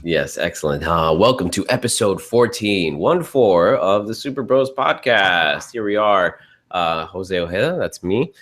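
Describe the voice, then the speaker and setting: A man with a very deep voice, roughened into a rasp by a cold he is getting over. He co-hosts a casual chat, joking and playful. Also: animated, measured pace, fairly bright tone. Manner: jokey, playful, laughs often. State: raspy voice from a cold. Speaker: podcast co-host.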